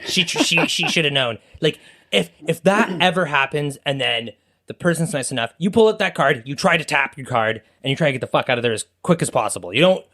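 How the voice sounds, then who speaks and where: A man's voice: fairly high pitch, a little fast. A man co-hosting a casual podcast, ranting and swearing freely. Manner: profane, ranting, animated. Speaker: podcast co-host.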